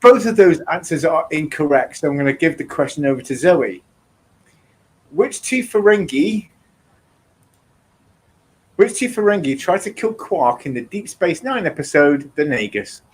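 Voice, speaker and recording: A man's voice: a little high, breathy edge, rough recording. A man hosting a casual trivia quiz, reading questions and explaining rules with fillers and restarts. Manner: lively, chuckling, halting with fillers. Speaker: quiz host.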